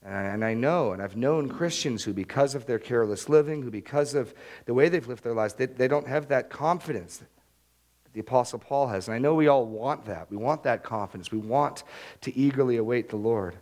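A pastor preaches a sermon in an earnest, conversational manner, frequently restarting his phrases. His voice is medium in pitch with a darkish tone, and he talks fairly quickly.

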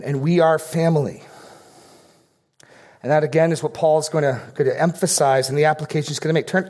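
A man's voice: mid-range voice, a little mellow. A middle-aged man preaching a sermon as pastor, teaching earnestly through outline points and Bible verses.

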